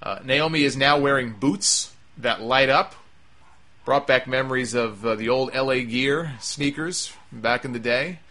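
Male solo show host, bright tone, casual and opinionated, rambling delivery. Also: mid-range voice, a little slow. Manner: opinionated, emphatic, rambling with restarts. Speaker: wrestling commentator.

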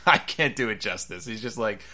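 A man hosting a casual wrestling review, talking in a chatty, animated way and laughing at the absurd moments. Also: lowish voice, moderate pace. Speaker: wrestling podcast host.

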